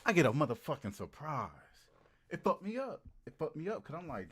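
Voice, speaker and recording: A man livestreaming and riffing comically to his chat, animated and hyped, repeating lines for laughs. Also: a little high, brisk, husky. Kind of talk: casual comedic riffing to a live chat.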